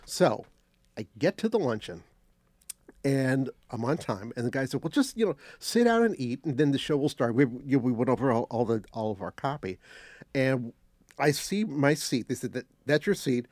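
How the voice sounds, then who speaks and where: An older man telling a casual anecdote as a guest, animated, acting out quotes and restarting phrases. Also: medium pitch, moderate pace, no room sound, studio quality. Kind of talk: casual storytelling.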